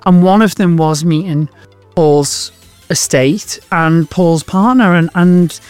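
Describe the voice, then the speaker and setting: A man's voice: on the high side, slow, darkish tone, clean tone, faint music behind. A man in his thirties, a stage performer being interviewed, talking in an effusive, emotional way and laughing easily. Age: 30s. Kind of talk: casual chat.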